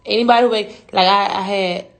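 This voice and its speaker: A woman's voice: medium pitch, steady tone, fairly quick, a bit bright, faint music behind. A young adult woman telling a story on a livestream in a slangy, profane, rambling way. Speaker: rapper.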